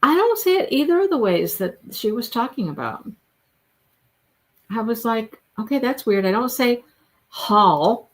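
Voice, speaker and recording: Middle-aged woman, crochet stream host, slow rambling chatter with frequent laughs. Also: mid-range voice, big pitch swings. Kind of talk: casual livestream chat while crocheting. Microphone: phone.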